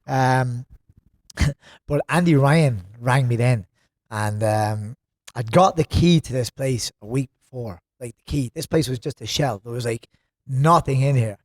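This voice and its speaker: A man's voice: mid-range voice, unhurried, dry recording, studio quality. An Irish man in his thirties, a gym co-owner chatting as a podcast guest, telling rambling stories. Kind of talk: casual podcast chat.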